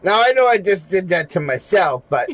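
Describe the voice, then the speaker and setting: High-voiced rambling man on a stream. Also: very animated, normal speed, a bit bright, no echo, rough recording. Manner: rambling, repeats his point over and over; profane, laughs between phrases. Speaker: regular show panelist. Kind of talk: casual livestream chat.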